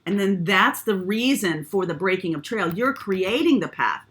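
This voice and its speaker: A woman's voice: mid-range voice, animated, moderate pace, fairly bright tone. A woman giving a casual spiritual tarot reading, rambling and often checking in with "okay?". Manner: meandering, frequent "um" and tag "okay?". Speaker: tarot reader.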